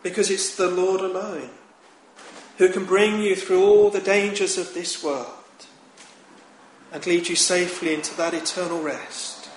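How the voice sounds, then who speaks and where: A man preaching a sermon in a slow, measured, solemn manner, with emphatic rises on key lines. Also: high-pitched, fairly even intonation. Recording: echoey room with faint ambient noise.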